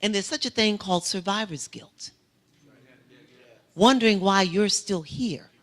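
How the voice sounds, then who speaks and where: A woman with a mid-range, slightly bright voice speaks at an unhurried pace. As a guest speaker in a church sanctuary, she gives a testimony sermon, telling a vivid story that builds into emphatic preaching.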